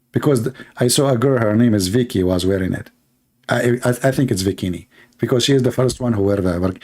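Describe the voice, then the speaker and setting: Sarcastic male commentator, non-native English, mid-pitched voice that leaps up for mocking outbursts. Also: darkish tone. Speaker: online commentator. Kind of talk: screen-reading commentary.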